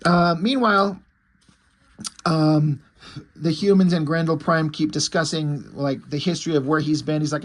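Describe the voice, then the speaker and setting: Man with a slightly high voice for a casual, rambling, profane comic recap. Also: fairly even intonation, moderate pace. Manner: casual and profane, with many fillers and restarts. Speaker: comic book reviewer.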